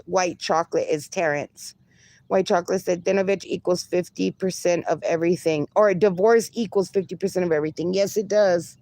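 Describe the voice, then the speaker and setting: A woman's voice: lowish voice, a little mellow, dry recording. A woman livestreaming, reading viewer comments aloud and bantering with them, laughing often. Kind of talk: casual live-stream chat.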